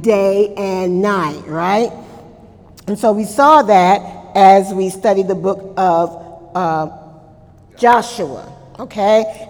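In a large hall, a Bible study teacher leads a church class in a mid-range, slightly mellow voice. The teacher poses questions to the group, answers them, and adds frequent amens.

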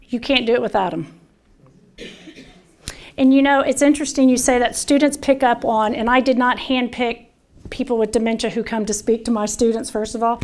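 A woman with a Southern US accent leads a caregiving workshop in a slightly high voice. She speaks earnestly and conversationally, often stopping to restart a phrase. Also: steady tone, normal speed. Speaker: dementia care educator. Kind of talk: presentation to an audience.

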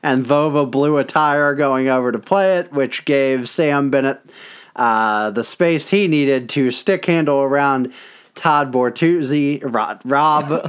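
A man's voice: medium pitch, a bit bright, clean tone. A man co-hosting a casual sports podcast, chatty and joking, with many asides and fillers. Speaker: podcast co-host.

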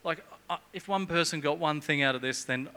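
A man's voice: a little high, brisk, sharp tone, smooth. A middle-aged man preaching a sermon in a church, chatty and jokey, with humorous asides.

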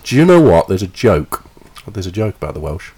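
A low-voiced man in his thirties with a Suffolk English accent chats on a relaxed comedy podcast. He rambles through fillers and restarts, giggling along as he goes. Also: a little fast, slightly rough. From England. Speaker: podcast co-host. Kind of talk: casual comedy podcast chat.

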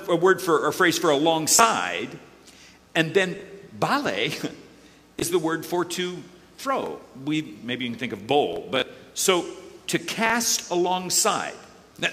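Animated preacher man in an echoey hall. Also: fairly high pitch. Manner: animated, joking, calls on volunteers. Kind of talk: lively sermon with audience participation.

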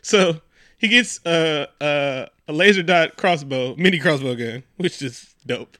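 A man's voice: on the high side, measured pace, sharp tone, dry recording, studio quality. A man co-hosting a casual movie review chat, rambling and laughing, swearing and acting out the characters. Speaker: podcast co-host.

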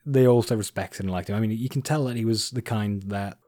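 A man's voice: lowish voice, brisk, warm tone, no echo, clean studio sound. A man hosting a casual podcast chat, explaining at length with frequent fillers and restarts. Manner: rambling, many fillers and restarts. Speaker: podcast host.

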